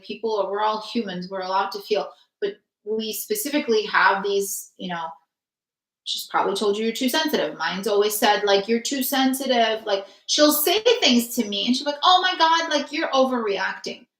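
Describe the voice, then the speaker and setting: A woman's voice: medium pitch, moderate pace, fairly bright tone. A woman hosting a spiritual healing session, talking earnestly in long runs full of fillers. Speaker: spiritual healer host. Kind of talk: casual spiritual chat. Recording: echoey room.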